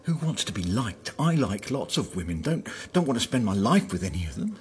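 A man's voice: medium pitch, sing-song, brisk, a little hiss or hum, close to an everyday voice. A man playing a jealous ex-husband who talks persistently and wheedles his former wife. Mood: pleading. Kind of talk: film drama dialogue.

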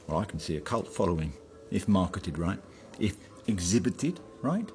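A man's voice: sits low, sing-song, normal speed, a little mellow. A man playing a jealous ex-husband who talks persistently and wheedles his former wife. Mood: pleading. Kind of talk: film drama dialogue.

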